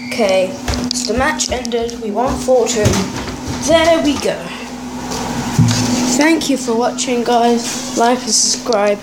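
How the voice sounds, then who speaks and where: A woman chats through a football video game at an unhurried pace, her higher voice jumping between cheers and quiet mutters. Steady background noise sits under the noisy home recording. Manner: excitable, chatty, swings between cheers and mutters. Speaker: gaming channel host. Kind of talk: live gameplay commentary.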